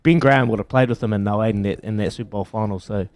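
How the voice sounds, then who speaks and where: A man's voice: on the low side, rapid-fire, dry recording. Jokey male radio co-host, dry studio sound. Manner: jokey, laughs a lot. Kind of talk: casual radio chat.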